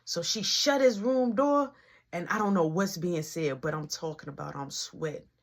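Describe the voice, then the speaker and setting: A young man telling a family story in casual speech, animated and dramatic. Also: high voice, normal speed. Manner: animated, dramatic, switches voices.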